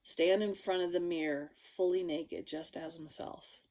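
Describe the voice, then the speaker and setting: A woman vlogger telling a personal story to her viewers, frank and casual, swearing freely, swinging between loud outbursts and hushed asides. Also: fairly low pitch, fairly even intonation, measured pace.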